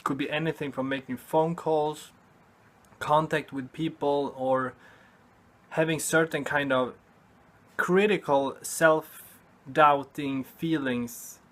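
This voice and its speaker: Slow, earnest man giving a pep talk. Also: mid-range voice, a bit bright. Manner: earnest, halting, repeats himself and says "you know" often. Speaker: vlogger. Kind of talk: motivational vlog talk to camera.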